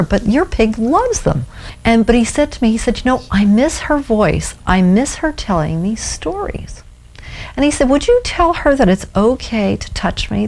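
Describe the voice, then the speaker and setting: A woman animal communicator telling an anecdote in a documentary interview, lively as she quotes others. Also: fairly high pitch.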